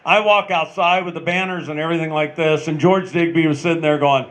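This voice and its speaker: A man in his sixties, a retired ballplayer telling a long story on stage, with many pauses and fillers. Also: on the high side, fairly even intonation, fairly bright tone. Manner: rambling anecdotal, many "uh" pauses. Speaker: retired ballplayer, panel guest. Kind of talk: storytelling at a live panel.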